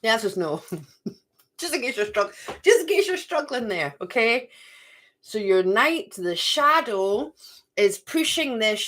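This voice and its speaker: A woman's voice: a little high, sing-song, a little slow, fairly bright tone. A middle-aged woman giving a live card reading to viewers. She chats, talks to herself and repeats phrases. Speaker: card reader.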